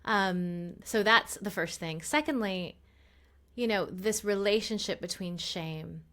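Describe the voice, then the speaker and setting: A woman hosting a podcast interview, reflecting out loud with a few fillers as she responds to her guest. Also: fairly low pitch. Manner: reflective, thinks aloud with fillers. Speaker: podcast host. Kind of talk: conversational interview.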